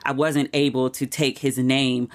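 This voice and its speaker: A woman hosting her own podcast, talking casually and candidly with frequent "like" asides, and getting emotional and animated over personal news. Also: a bass voice, unhurried. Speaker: podcast host. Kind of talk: casual chatty monologue.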